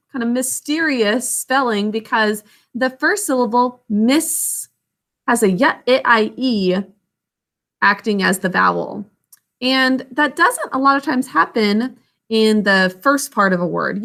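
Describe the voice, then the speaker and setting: A woman teaching a children's spelling lesson, sounding out words letter by letter and syllable by syllable in a slow, patient way. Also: on the high side, expressive, fairly bright tone. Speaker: literacy teacher.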